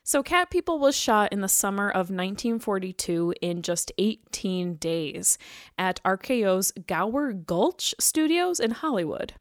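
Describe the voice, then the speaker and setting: A woman's voice: medium pitch, sing-song, measured pace, dry recording, studio quality. A young woman co-hosting a casual podcast, chatty as she reads film history with side remarks. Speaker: podcast co-host.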